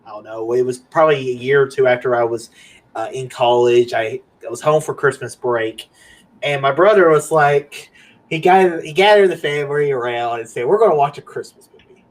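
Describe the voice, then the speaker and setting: A young man co-hosting a podcast, chatting casually about movies in an animated way, laughing often and acting out quotes. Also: mid-range voice, brisk, poor audio. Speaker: podcast co-host.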